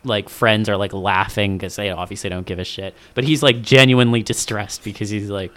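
Animated, swearing man on a podcast. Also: fairly low pitch, fairly quick, slight background noise. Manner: animated, swears often, acts out quoted lines. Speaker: podcast co-host. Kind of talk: casual podcast chat.

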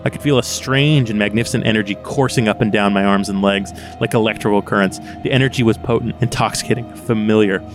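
A man hosting a casual book podcast, laughing easily and reading passages aloud. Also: lowish voice. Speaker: podcast host.

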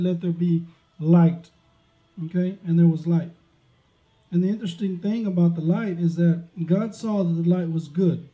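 A man with a high, warm voice preaches a sermon, speaking emphatically and sprinkling in amens and praise. The recording has a dull, lo-fi sound.

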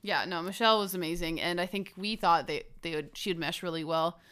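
A woman's voice: lowish voice, a little fast, a bit bright, smooth. A woman co-hosting a podcast, chatting casually, teasing her co-host and laughing often. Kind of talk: casual chat.

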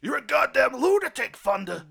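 A man voicing a stressed, balding, overweight police captain who yells in exasperation. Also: very high-pitched, big pitch swings, normal speed, gravelly, husky, pitched above the performer's own voice, exaggerated voice. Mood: exasperated yelling. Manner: bellowing, exasperated yelling.

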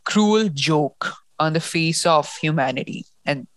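Book-podcast co-host, woman, low voice, emotional and rambling, dry sound. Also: animated, takes it slowly, no echo. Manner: emotional, restarts and gushes about the story. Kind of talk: casual book discussion.

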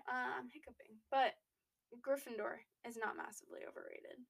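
A woman's voice: high-pitched, fast, gravelly, fairly bright tone. A young woman co-hosting a podcast in casual chat, talking with lots of fillers and restarts. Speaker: podcast co-host.

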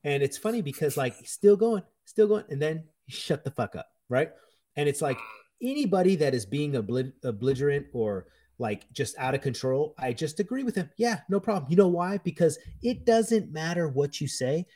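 Guy in his 30s, chef telling work stories, swears a lot, dark warm voice. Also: a little high, moderate pace. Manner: blunt, profane, animated storytelling. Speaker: chef, podcast guest. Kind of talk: casual chat.

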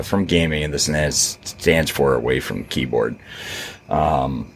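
Very deep-voiced podcast co-host. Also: male voice, a little hiss or hum. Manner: steady, filler-heavy recounting. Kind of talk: casual chat.

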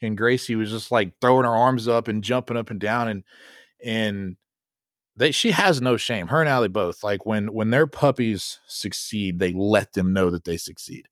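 A man's voice: lowish voice, moderate pace, no room sound, clean studio sound. A man hosting a podcast, talking in a laid-back, rambling way and joking with his co-host. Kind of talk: casual podcast chat.

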